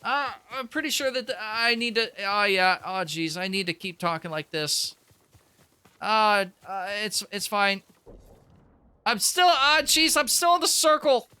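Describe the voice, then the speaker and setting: A man's voice: high-pitched, a little slow, bright, forceful tone, clear, resonant tone, pitched above the performer's own voice, exaggerated voice. A man doing a stammering nervous teenage boy. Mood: flustered. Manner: stammering, frantic, keeps saying jeez.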